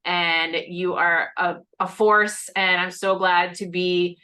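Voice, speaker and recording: Woman, host, video call chat, bright tone, lowish voice, chatty, reassuring. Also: fairly even intonation, takes it slowly. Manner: chatty, reassuring, many fillers. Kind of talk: casual conversation on a video call.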